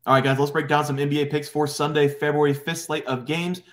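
A man hosting a sports betting picks show, running the segment in a brisk, upbeat presenter manner. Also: fairly high pitch, little pitch movement.

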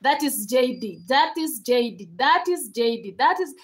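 This livestreamer, a young Kenyan woman, has a high voice with big pitch swings and an unhurried pace. She chats informally with viewers, laughing frequently and mixing English with Swahili. The recording is rough.

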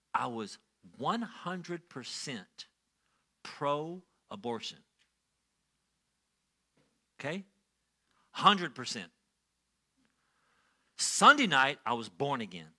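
Bright, animated male pastor preaching. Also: mid-range voice. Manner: storytelling, swings from quiet to loud and excited. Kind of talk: sermon.

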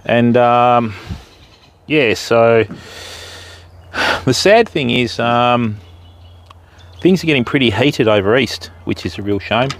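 Chatty Australian fishing streamer. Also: male voice, medium pitch, takes it slowly, long pauses. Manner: jokey, chatty, greets viewers by name. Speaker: fishing livestream host. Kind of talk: casual live-stream chat. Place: outdoors by a river.

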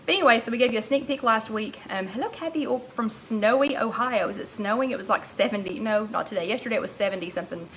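A woman hosting a casual live-stream chat, rambling warmly along and greeting viewers by name, a little out of breath. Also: a little high, fast, hardly any pauses, a little hiss or hum, low-quality recording. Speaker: host of a live weight-loss chat.

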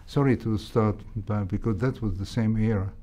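Recalling his training in a reflective interview, an older heart surgeon with an Egyptian accent, whose first language is Arabic, speaks in a measured way and hesitates frequently. His voice is fairly low, steady in tone, and mellow.

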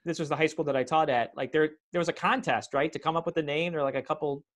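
Chatty guy in his 30s hosting over zoom, kinda high voice, laughs a lot. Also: fairly even intonation, fast talker, fairly bright tone. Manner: chatty, laughs easily, rambling asides. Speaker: podcast host and teacher. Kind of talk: casual video-call interview. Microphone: video call.

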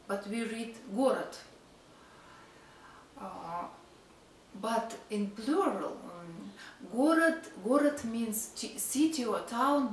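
A Russian-accented woman gives a relaxed spoken language lesson. She talks very slowly and pauses often to find her words. Her voice sits back from the mic in a room with a faint hum. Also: fairly high pitch, roomy sound, far from the mic, poor audio. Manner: hesitant, many fillers, slow and explaining. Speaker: language teacher.

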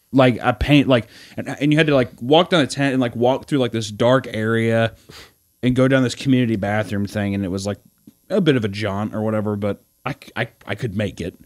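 A young man on a podcast, telling a long story in a rambling, animated way, full of fillers and laughing as he acts out the other people in it. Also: mid-range voice, no echo, clean studio sound. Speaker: podcast co-host. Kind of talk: casual storytelling chat.

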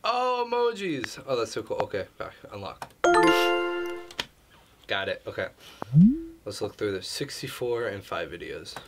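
A man's voice: lowish voice, measured pace, pauses often, music in the background. A young man casually commenting on a game he plays, reading messages aloud and reacting as he goes. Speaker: YouTube gamer. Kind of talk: casual let's-play commentary.

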